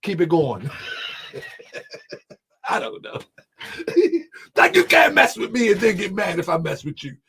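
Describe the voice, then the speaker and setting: A man hosting a livestream. He talks loudly and with animation, laughs often, and reads out and answers viewer comments. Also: high voice, huge pitch swings, takes it slowly, long pauses, slightly rough. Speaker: channel host.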